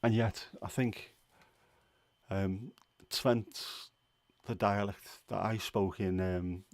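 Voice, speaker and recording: Scouse man hosting a casual live chat, lowish voice, dry close sound, rambling with ums. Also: fairly even intonation, takes it slowly, darkish tone, no room sound. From Liverpool, England. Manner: rambling, chatty, many fillers. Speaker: livestream host. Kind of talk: casual chat answering viewers.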